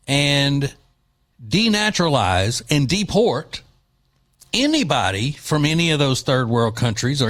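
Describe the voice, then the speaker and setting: A man's voice: mid-range voice, a bit bright. A man hosting a talk radio show, speaking in a loose, joking, opinionated way with plenty of fillers, recorded on a studio mic.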